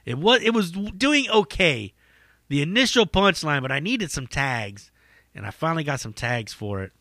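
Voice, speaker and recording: A man's voice: fairly high pitch, animated, moderate pace, bright, forceful tone, dry recording, studio quality. A man, a stand-up comic hosting a podcast, telling rambling stories in casual chat, swearing freely and laughing at his own jokes. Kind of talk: casual storytelling monologue.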